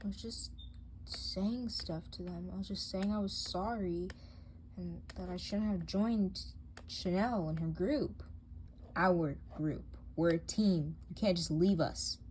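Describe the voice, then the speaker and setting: A woman's voice: on the low side, steady tone, slow, a little mellow. A woman voicing a hurt, hesitant teen girl in a doll drama who stammers and defends herself, faint hiss behind.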